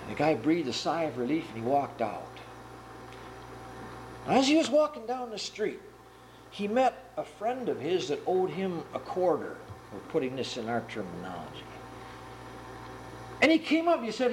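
A man preaching a sermon and retelling a parable with earnest, animated storytelling. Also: a little high, moderate pace, pauses often, a little hiss or hum, poor audio.

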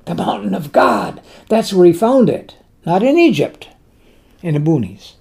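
A man preaching a sermon, slow and emphatic, repeating words for stress. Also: sits high, very animated, vocal fry, darkish tone, breathy edge.

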